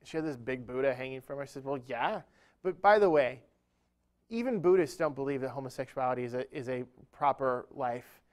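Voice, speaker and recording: A man's voice: mid-range voice, a little fast. A man speaking at a church event, telling a humorous, self-deprecating story within a sermon-style talk.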